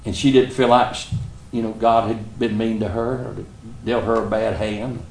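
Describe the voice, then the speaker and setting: Folksy Southern preacher, lowish voice. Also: male voice, level tone, normal speed, a little mellow, roomy sound. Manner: folksy, earnest storyteller. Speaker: pastor. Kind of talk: sermon storytelling.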